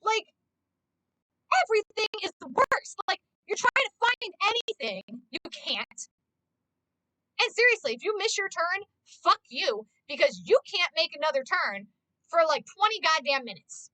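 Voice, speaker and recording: A woman with a high, bright voice rants to her stream in casual chat. She swears freely and sounds exasperated. The recording is close and dry, with no room sound. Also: big pitch swings, a little slow, no room sound, rough recording. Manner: swears constantly, ranting and exasperated.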